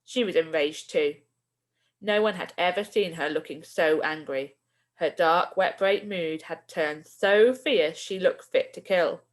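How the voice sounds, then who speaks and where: A woman, a primary school teacher, reading a children's book aloud with expressive storytelling. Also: lowish voice, measured pace.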